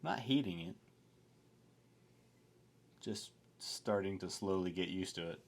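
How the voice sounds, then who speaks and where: Deep-voiced laid-back man reviewing beer. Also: slow, vocal fry, a little hiss or hum. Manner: laid-back, rambling with many fillers. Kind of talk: casual beer review chat.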